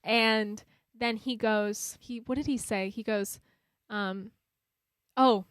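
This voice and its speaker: A woman hosts a podcast and tells stories in an animated, chatty way. Her voice sits a little on the high side. It is recorded close and dry, with no room echo. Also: takes it slowly, smooth. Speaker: podcast host and cinematographer. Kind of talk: casual chat.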